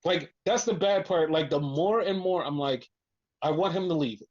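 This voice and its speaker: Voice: mid-range voice, normal speed, muffled recording. A podcast host recapping in casual chat, swearing freely and acting out quotes. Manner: profane, animated retelling with voiced quotes.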